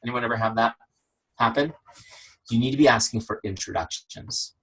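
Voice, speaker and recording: A man leading a team training call on a video call, energetic and conversational, peppering his talk with rhetorical questions. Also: mid-range voice, moderate pace, breathy edge, rough recording. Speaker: network marketing trainer. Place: home office shed.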